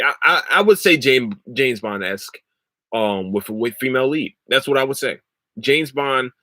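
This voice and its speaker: Young guy podcasting solo, bright voice, rambles and swears a lot, dry close mic. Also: on the low side, no echo. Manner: rambling, swears freely, breaks into loud laughter. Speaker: podcast host. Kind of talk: casual solo podcast chat about shows.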